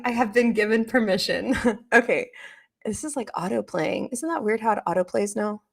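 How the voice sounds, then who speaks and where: Woman streamer, casual live chat, slightly raspy, low-energy, drifting toward vocal fry, mid-pitched. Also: normal speed, over loud music. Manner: chatty and easily distracted, reads chat aloud. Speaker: live-stream reaction host.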